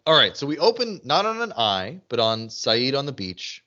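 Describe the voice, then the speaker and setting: A man's voice: mid-range voice, moderate pace, noisy background. Chatty man recapping, lo-fi sound. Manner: animated, lots of restarts and "like". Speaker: podcast co-host. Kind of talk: casual chat recapping a TV episode.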